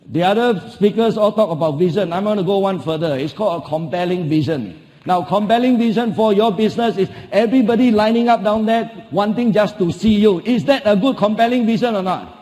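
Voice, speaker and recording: Middle-aged Singaporean male keynote speaker, high mellow voice, emphatic and repetitive, rhetorical questions, big reverberant hall. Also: a little fast. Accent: Singaporean English. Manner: emphatic, repeats key phrases, asks the audience rhetorical questions. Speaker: motivational speaker. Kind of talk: motivational keynote speech. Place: large conference hall.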